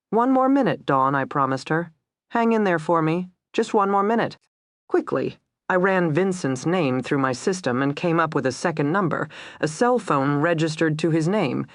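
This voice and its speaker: A narrator reading a crime thriller aloud in first person, tense and steady. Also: medium pitch, no room sound, clean studio sound.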